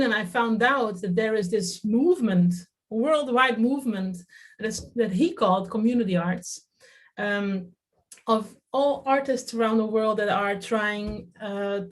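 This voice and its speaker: A woman from the Netherlands in her thirties, talking in an interview about her work in theater, with lots of fillers and restarts. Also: medium pitch. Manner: hesitant, many fillers and restarts. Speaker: festival artistic director. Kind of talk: interview, reflective talk.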